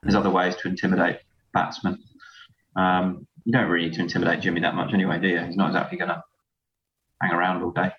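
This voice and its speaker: A man's voice: low voice, flat delivery, lo-fi sound, a little hiss or hum. A man in his thirties with a Yorkshire accent, a professional cricketer talking casually and matter-of-factly. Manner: quick, matter-of-fact. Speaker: county cricketer guest. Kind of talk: casual podcast chat.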